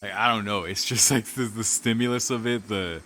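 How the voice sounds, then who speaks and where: A man's voice: fairly low pitch, fairly even intonation, moderate pace, bright, forceful tone, a little hiss or hum. A young man streaming a visual novel, reading lines aloud and reacting, shaken, rambling and swearing. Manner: rambling, swearing, many fillers. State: shaken, dizzy.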